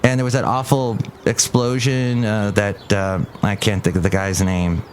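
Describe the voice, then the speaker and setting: A man's voice: lowish voice, level tone, normal speed, a little hiss or hum. Chatty, rambling male podcast host. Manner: rambling, chatty, full of fillers. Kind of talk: casual chat.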